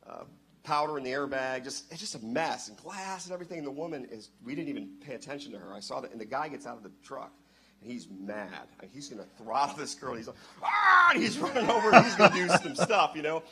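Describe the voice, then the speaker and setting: A man telling a story in church on a handheld microphone, excitable and bursting into loud exclamations. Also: medium pitch, quick pace, slight background noise. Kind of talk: animated storytelling.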